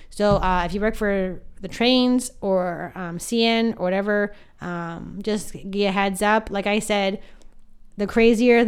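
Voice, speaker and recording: A woman's voice: medium pitch, smooth. A woman hosting her own podcast as a psychic medium, talking in a chatty, rambling way full of asides and fillers. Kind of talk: casual podcast monologue.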